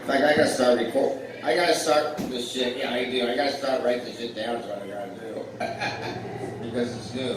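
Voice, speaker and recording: On a blues club stage, a male comic in his forties spins rambling, self-mocking stories and bounces off the audience. He speaks at normal speed with a medium pitch and steady tone, captured from a distance in an echoey room with background noise.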